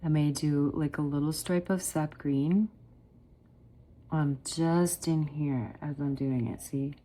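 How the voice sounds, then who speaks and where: A middle-aged woman with a low-pitched voice talks her viewers through a watercolor painting step by step. She is chatty and encouraging, calling the audience "guys" as she works. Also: steady tone, slow, mellow. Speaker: watercolor art teacher.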